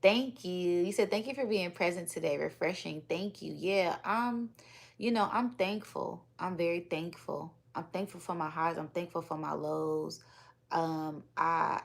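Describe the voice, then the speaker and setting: A woman hosting a live-streamed spiritual energy reading and chatting with viewers, talking in a calm, relaxed, unhurried way. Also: lowish voice, creaky. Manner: calm, relaxed and unhurried, sometimes repeating words. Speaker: spiritual reader and livestream host.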